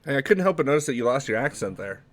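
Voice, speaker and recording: A man's voice: medium pitch, big pitch swings. A man playing a sardonic private investigator in a tabletop role-play, with a joking, sarcastic manner. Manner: sarcastic, joking, quick-witted. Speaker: player.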